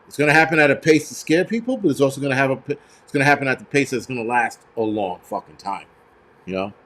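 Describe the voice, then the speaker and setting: A man's voice: mid-range voice, expressive, fast talker, fairly bright tone. A man hosting a live stream, ranting bluntly and profanely with many fillers while answering viewers in the chat. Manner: reads out viewer donations and chat. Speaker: livestream host.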